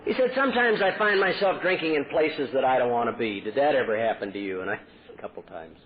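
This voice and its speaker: With a crowd audible in the background, a middle-aged Texan convention speaker tells his recovery story at a podium and earnestly acts out quoted dialogue. His mid-range voice moves fast with lively intonation, on tinny lo-fi 1980s tape.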